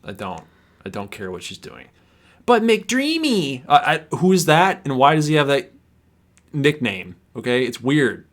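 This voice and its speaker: A man's voice: mid-range voice, big pitch swings, moderate pace. A man in his thirties hosting a livestream, talking in casual, sarcastic banter and laughing often. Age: 30s. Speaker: livestream host.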